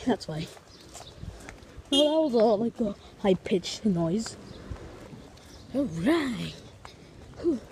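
Woman vlogger, higher voice, chatty walk-and-talk outdoors, fond of fancy words. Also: very animated, slow pace, pauses often, raised voice, heavy background noise. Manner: chatty, piles on big vocabulary words; talks to viewers while walking. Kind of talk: casual walking vlog. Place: outdoors on streets and in a park.

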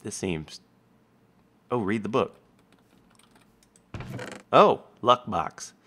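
A man casually commenting on his own gameplay, chatty and quick to react aloud. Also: lowish voice, animated, sharp tone. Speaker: host, video game player.

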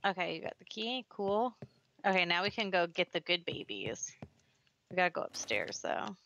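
A young woman playing a co-op horror game, calmly planning the next steps for her partner. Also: lowish voice, normal speed, vocal fry, highs cut off, a little hiss or hum. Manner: calm, directing, plans next steps. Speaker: co-op gaming partner. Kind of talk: casual gameplay chat.

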